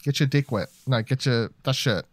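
A man's voice: medium pitch, normal speed, no echo. A young Australian man co-hosting a casual TV review chat, rambling and hesitant, with casual swearing. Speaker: podcast co-host.

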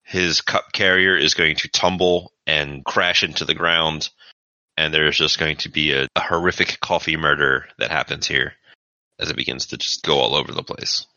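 His very low voice is bright and forceful yet steady in tone, moving at a moderate pace as he casually narrates a tabletop game as game master. The recording is dry and dull, like a lo-fi podcast.

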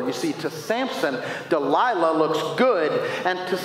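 A man preaching a sermon, retelling a Bible story with playful, animated storytelling, swinging between loud and quiet. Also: on the high side, measured pace. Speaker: pastor. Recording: echoey hall, faint noise.

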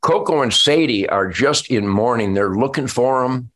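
An older man speaks on a podcast, his voice heavy with emotion as he fights back tears. He strings words together in long, heartfelt lists, and his pitch sits in an ordinary middle range. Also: expressive, moderate pace, fairly bright tone. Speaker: musician and show guest.

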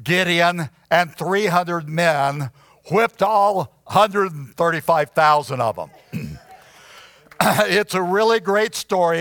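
A pastor preaching an evening sermon in church, often clearing his throat and restarting his sentences. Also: high voice, a bit bright, dry recording.

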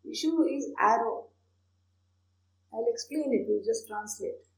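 A woman, a spiritual teacher, explaining a Sanskrit prayer with animated storytelling and soft laughs. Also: on the high side, unhurried, creaky, roomy sound, rough recording.

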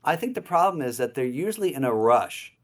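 A man's voice: mid-range voice, big pitch swings, brisk. A Jesuit priest being interviewed, chatting loosely and filling his thoughts with "you know" while laughing easily. His voice sits right in the middle of the male range, with no strain or polish to it. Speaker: Jesuit priest, author guest. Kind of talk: casual conversational interview.

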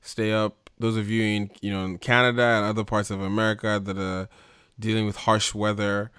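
A man's voice: lowish voice, level tone, brisk, fairly bright tone, clear, resonant tone, no room sound, studio quality. A man hosting a casual chat show, signing off with teasing banter. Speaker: host.

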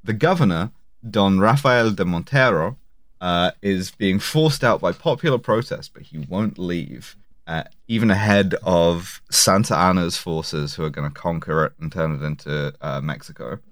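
A man's voice: low-pitched, moderate pace, dry recording, clean studio sound. A man co-hosting a podcast, talking casually and rambling, with plenty of fillers, restarts and swearing. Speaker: podcast co-host. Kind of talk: casual chat.

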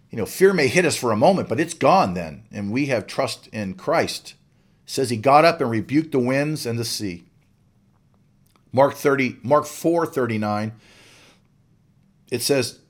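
A male pastor preaching a sermon, swinging from hushed, whispered lines to loud, fervent exhortation. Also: mid-range voice.

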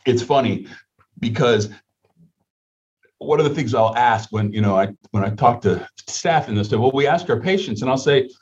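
A man's voice: medium pitch, moderate pace, darkish tone, dull audio. A man answering interview questions about healthcare in an emphatic, rhetorical manner, repeating his points. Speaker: healthcare leader guest.

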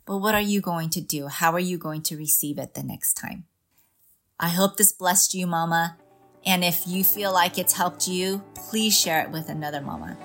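A woman's voice: on the low side, normal speed, fairly bright tone, soft background music. A middle-aged woman hosting a parenting podcast, speaking to mothers in an earnest, reassuring way and often calling the listener "Mama". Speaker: parenting coach and podcast host. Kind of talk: encouraging podcast talk to mothers.

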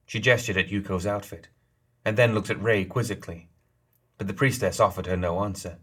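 A man reading a novel aloud in an even, measured way. His voice sits low and has a husky edge. The narration is scripted and steady. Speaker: audiobook narrator.

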